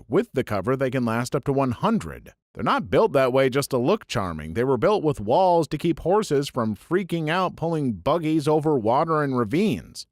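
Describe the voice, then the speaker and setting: A man narrating a series of online posts in a brisk, animated storytelling read. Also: a little high, dry recording, studio quality.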